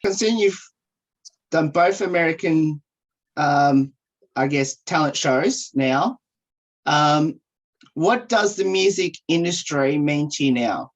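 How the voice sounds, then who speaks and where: A woman with a lowish voice interviews a guest over a video call. She asks measured questions, pausing on "um" as she goes. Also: lo-fi sound. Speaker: radio interviewer.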